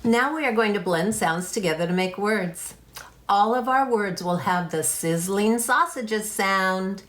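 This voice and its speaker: A woman teaching a kindergarten phonics lesson, speaking clearly and encouragingly and drawing out the sounds. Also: medium pitch, unhurried, fairly bright tone. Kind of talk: phonics lesson for young children.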